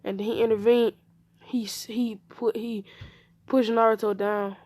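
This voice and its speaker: A woman's voice: fairly high pitch, little pitch movement, unhurried, darkish tone, no echo. A woman narrating an improvised fan-made anime story. She rambles and corrects herself mid-sentence. The delivery is loose and unscripted.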